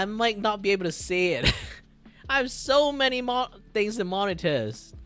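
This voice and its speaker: Animated, rambling man streamer. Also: sits high, normal speed, clear, resonant tone, faint music behind. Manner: rambling, animated, swears and laughs, jumps to loud outbursts. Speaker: streamer and artist. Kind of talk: casual live-stream chat while drawing.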